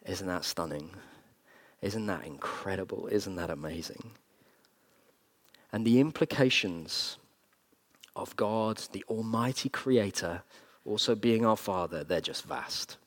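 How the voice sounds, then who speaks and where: A man preaching a sermon, earnest, leaning on slow emphatic phrases with sudden bursts of energy. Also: low-pitched, lively intonation. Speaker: pastor.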